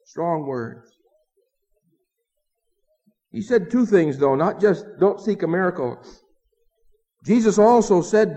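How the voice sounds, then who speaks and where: A man with a high voice preaches earnestly and with emphasis, pressing his listeners with rhetorical questions. His voice rings through a large hall with a long reverb, and the recording sounds dull and lo-fi. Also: lively intonation, takes it slowly, long pauses, mellow. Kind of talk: sermon.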